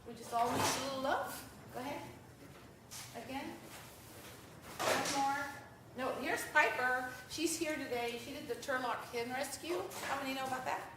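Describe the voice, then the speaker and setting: A woman giving a lively live talk and answering audience questions, speaking conversationally to the crowd. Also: high-pitched, moderate pace. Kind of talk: live presentation with Q&A. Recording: echoey room, mic far off, faint noise.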